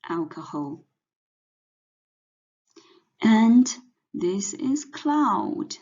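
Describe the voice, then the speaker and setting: A woman teaching pinyin in a slow lesson, saying each syllable several times over. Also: mid-range voice, expressive, warm tone, slightly rough. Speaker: Chinese teacher. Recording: dull lo-fi sound.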